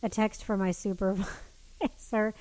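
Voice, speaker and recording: A woman telling a story in casual chat, animated and swearing, with many restarts. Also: mid-range voice, takes it slowly, poor audio.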